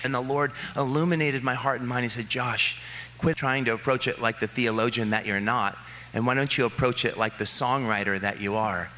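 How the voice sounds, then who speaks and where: A male pastor preaching a sermon, telling stories about his kids with lively excitement and then settling into soft, earnest reflection. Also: medium pitch. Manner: animated storytelling, quoting his kids with rising excitement.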